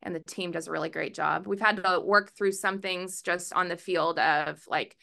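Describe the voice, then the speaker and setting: A woman softball head coach answering reporters at a press conference, chatty, with many fillers and restarts. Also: on the low side, fairly even intonation, moderate pace, vocal fry. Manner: calls herself a verbal, loud coach. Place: press room.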